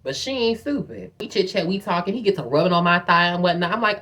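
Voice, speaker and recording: A young woman tells a story in a casual vlog. She is animated and profane, and she acts out quotes in a higher voice. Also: fast talker, hardly any pauses. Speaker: vlogger telling a story.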